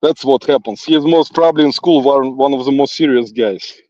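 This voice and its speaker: A man's voice: mid-range voice, brisk, darkish tone, no room sound. A man with a non-native English accent talks in a rambling, teasing monologue while walking outdoors, often chuckling and addressing an absent critic. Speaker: livestream host. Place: outdoors in a forest. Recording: dull, lo-fi phone sound.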